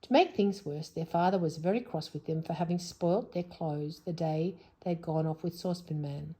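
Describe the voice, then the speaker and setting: Woman reading a children's storybook aloud, low-pitched and mellow, a bit husky, with whispered asides. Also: moderate pace. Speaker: storybook reader.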